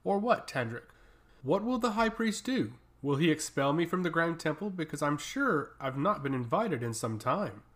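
A woman's voice: sits low, big pitch swings, normal speed. A man voicing a powerful female nature mage who speaks in a cold, taunting and commanding way.

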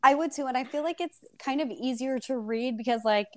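A woman's voice: high-pitched, brisk, darkish tone, no echo, clean studio sound. A woman co-hosting a podcast, chatting casually about a book in a self-deprecating, agreeable way. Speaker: podcast co-host.

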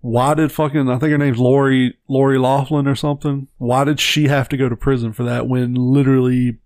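Male co-host, mid pitch, swears freely, ranting and blunt, dry close mic. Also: little pitch movement, brisk, a little mellow, no room sound. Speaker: podcast co-host. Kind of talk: casual chat.

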